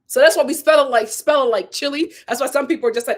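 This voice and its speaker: Animated, high-voiced woman vlogger. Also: quick pace. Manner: animated, emphatic storyteller who acts out quoted voices. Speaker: vlog host and actress. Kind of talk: casual opinion chat.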